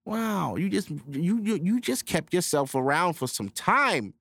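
A man's voice: high voice, big pitch swings, a little slow, few pauses, fairly bright tone, slight background noise. A young man hosting a podcast, telling crude stories in casual chat and acting out quotes in a raised voice. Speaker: podcast host.

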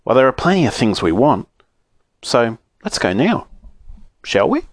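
A brisk, practical schoolboy who leads the others, put on by a man reading a storybook. He speaks sensibly with a lively rise and fall, recorded dry and close. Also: medium pitch, no room sound.

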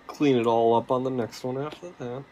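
A man's voice: medium pitch, fairly even intonation, a little fast, noisy background. A young man co-hosting a casual podcast, laid-back and agreeable. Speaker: podcast co-host. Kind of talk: casual chat.

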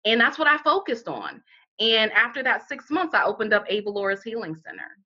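A middle-aged woman, a guest on an interview, tells the personal story of how she founded a healing center, speaking candidly and emphatically with lots of "you know" fillers. Her voice is slightly high, husky, bright and pushed, very animated and fairly quick. The recording sounds dull and lo-fi.

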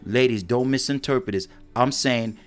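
A man's voice: mid-range voice, normal speed, clear, resonant tone, soft background music. A man co-hosting a casual advice chat, drawing words out emphatically and using street slang. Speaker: co-host.

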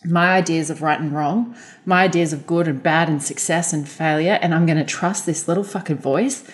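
A woman's voice: sits low, normal speed. Candid, swearing woman telling stories. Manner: candid storytelling, swears freely. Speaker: podcast guest. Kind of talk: casual podcast conversation.

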